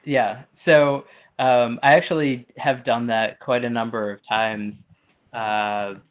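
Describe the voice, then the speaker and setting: A man's voice: medium pitch, level tone, slow. A man co-hosting a podcast in casual chat, rambling with lots of filler words. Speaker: podcast co-host. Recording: tinny phone-like line.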